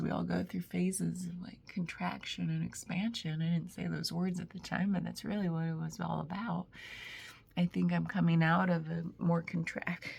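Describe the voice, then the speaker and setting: Deep, heavily gravelly, husky woman. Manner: thoughtful, self-interrupting, drifting into soft whispered asides. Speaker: host of a spiritual reflection channel. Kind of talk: casual reflective monologue.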